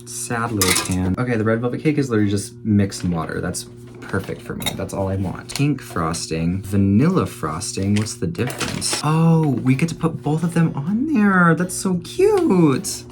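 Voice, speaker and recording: A man's voice: lowish voice, expressive, moderate pace, background noise. A man in his twenties chatting casually in a vlog while baking at home, chatty and self-mocking, swearing freely. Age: 20s. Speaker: YouTuber.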